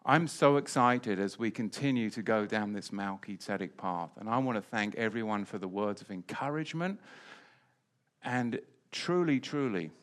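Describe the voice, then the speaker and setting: A man's voice: on the low side, normal speed, a bit bright. A man preaching a Bible lesson in an emphatic way, often repeating key phrases. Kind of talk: Bible teaching.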